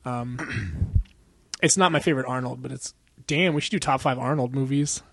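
A man's voice: mid-range voice, normal speed, gravelly, a bit bright, no room sound. A young man co-hosting a podcast in casual chat, rambling and profane, laughing often and acting out quotes. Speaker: podcast co-host.

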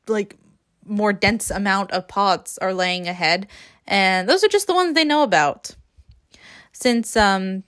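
A woman's voice: mid-range voice, a bit bright. A woman hosting a podcast, recapping a book in a casual, rambling way with sarcastic asides and frequent laughs. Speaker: podcast host.

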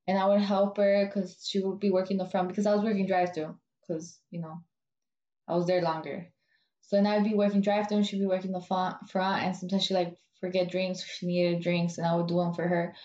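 A woman's voice: on the low side, brisk. Blunt, profane young woman venting. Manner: blunt, profane, full of "like" and "dude"; animated retelling of workplace drama. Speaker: storyteller in casual chat. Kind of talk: casual chat. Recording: roomy, dull, lo-fi with faint hiss.

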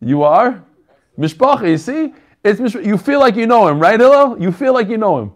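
A man's voice: high voice, sing-song, moderate pace. A man hosting an online learning group over a video call, chatting casually, joking and greeting people by name. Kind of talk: casual chat with group members.

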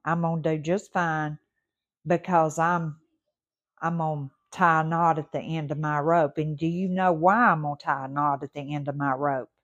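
A woman from the Mississippi Gulf Coast with a Southern accent, hosting a motivational podcast in a warm, folksy, repetitive way while recovering and a little short of breath. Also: low-pitched, steady tone, moderate pace, lo-fi sound. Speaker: podcast host. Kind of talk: encouraging motivational podcast talk.

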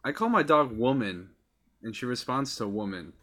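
A man's voice: mid-range voice, lively intonation, normal speed, fairly bright tone. A young man co-hosting a casual podcast, teasing his friends and joking around. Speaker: podcast co-host. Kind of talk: casual chat.

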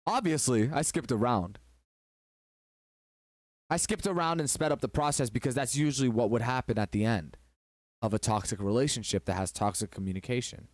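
A man's voice: medium pitch, normal speed, no echo, studio quality. A man hosting a relationship advice talk, telling a story in an emphatic, preachy way.

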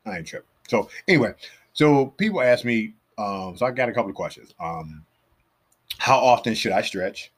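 A low, husky male voice with a lively, swinging delivery, chatting casually as the host of a fitness podcast. He tells stories in an animated way and acts out the people he quotes. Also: normal speed. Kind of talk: casual storytelling monologue.

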